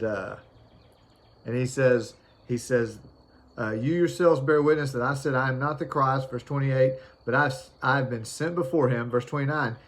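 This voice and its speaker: Male preacher, mid pitch, relaxed sermon with lots of ums and restarts. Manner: conversational, many fillers and restarts, reads scripture aloud. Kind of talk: informal sermon.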